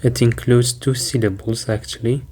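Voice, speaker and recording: A man teaching vocabulary, deliberately repeating each word and spelling out its syllables and stress. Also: mid-range voice, steady tone, mellow, slight background noise. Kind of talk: slow, careful vocabulary lesson.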